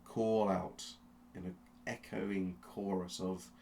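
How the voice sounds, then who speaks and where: Game master, male, deep and gravelly, slow suspenseful narration with restarts. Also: flat delivery, warm tone, slight background noise. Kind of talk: dramatic second-person narration of a tabletop game.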